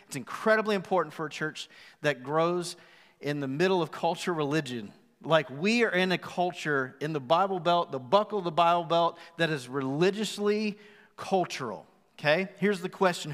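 A male pastor preaching a live sermon, emphatic, slowing down for dramatic rhetorical questions. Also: on the high side, fairly bright tone. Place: church hall. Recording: live sermon with long hall reverb.

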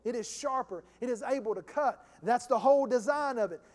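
A man's voice: very high voice, fairly quick, big-room sound. A male pastor preaching a sermon in a church, emphatic and repetitive, talking to the congregation in a conversational way.

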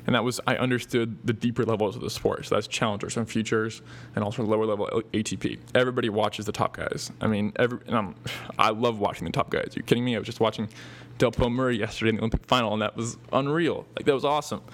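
A young man hosts a podcast, delivering a casual thank-you monologue that rambles with many fillers and restarts. He talks fast in a lowish voice with fairly even intonation.

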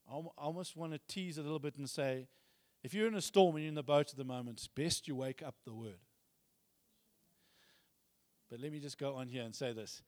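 High-voiced preacher in a reverberant hall. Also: male voice, smooth, studio quality. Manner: casual storytelling, retelling scripture in everyday words; reads scripture aloud with rising force. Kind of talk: sermon.

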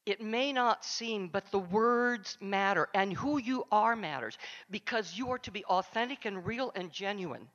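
A woman's voice: mid-range voice, lively intonation, a little slow, few pauses, fairly bright tone. Heartfelt woman giving an acceptance speech. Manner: heartfelt, speaks directly to the audience. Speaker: award recipient, counselor. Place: conference luncheon hall. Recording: dull sound in a large echoing hall.

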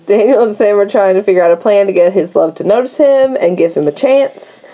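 Woman, podcast co-host, warm and mellow tone, casual scene-by-scene recap with quick jokes. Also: medium pitch. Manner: recaps scenes with quick asides and frequent laughter. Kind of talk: casual chat.

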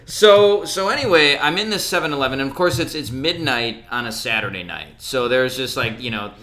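A man's voice: mid-range voice, brisk, sharp tone. A man in his thirties, a podcast co-host, telling a casual story full of fillers and restarts. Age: 30s. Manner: rambling, lots of fillers and restarts.

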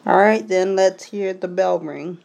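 A woman's voice: on the low side, measured pace, gravelly, noisy background. A woman co-hosting a casual podcast with a dry, teasing manner. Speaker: podcast co-host.

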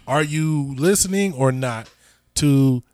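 A man's voice: medium pitch, slow pace, darkish tone, clear, resonant tone, no echo, clean studio sound. A man hosting a podcast, telling stories in loose, slangy casual chat and steering the conversation. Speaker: podcast host.

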